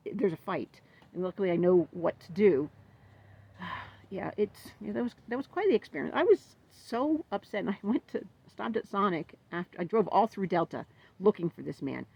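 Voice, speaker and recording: A woman's voice: on the low side, creaky, breathy edge, muffled recording. A woman vlogger telling a story in a casual, upset, rambling way, venting about what happened to her dog.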